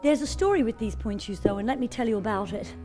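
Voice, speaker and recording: A woman presenting a children's show in a fairy character, telling a story in an animated, sing-song way and talking straight to the children. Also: a little high, fast talker, soft background music.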